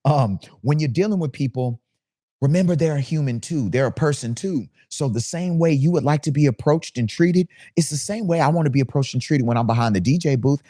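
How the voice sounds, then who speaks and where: A man's voice: a little high, a little mellow, no room sound, studio quality. A man who works as a DJ, talking casually to camera in a ranting monologue full of rhetorical questions.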